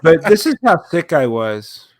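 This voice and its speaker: A man's voice: on the high side, very animated, unhurried. A man with a nasal, stuffed-up voice, recovering from a cold, telling a rambling story on a casual podcast with frequent laughs. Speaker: podcast co-host. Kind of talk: casual chat.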